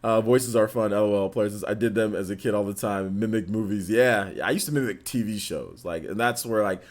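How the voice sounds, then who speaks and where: A man hosting a casual livestream chat, telling animated stories and laughing often. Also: on the low side, a little fast. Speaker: host. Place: indoors under studio lights. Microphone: on camera.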